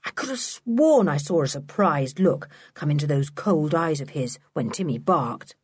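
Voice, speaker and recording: A woman's voice: sits low, lively intonation, normal speed, darkish tone, husky, no room sound. A woman reading a storybook, voicing a polite, sensible older boy who talks cheerfully.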